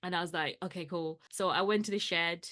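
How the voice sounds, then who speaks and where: A woman's voice: on the low side, fairly even intonation, fast, a bit bright. Chatty woman co-host telling a story. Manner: chatty storyteller, laughs often, acts out quoted lines. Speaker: podcast co-host. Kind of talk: casual chat.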